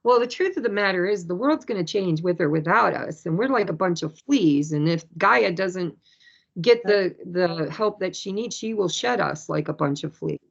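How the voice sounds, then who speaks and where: A woman chatting casually about spirituality, telling stories with lively energy and acting out other people's words. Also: on the low side, normal speed, vocal fry. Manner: animated, storytelling, acts out quoted people. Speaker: spiritual speaker. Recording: dull lo-fi sound.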